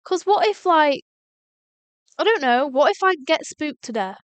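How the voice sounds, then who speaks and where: A woman's voice: high-pitched, lively intonation, unhurried, dry recording. A young woman streaming a game live, chatty and exasperated, swearing at the game. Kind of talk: live gameplay commentary.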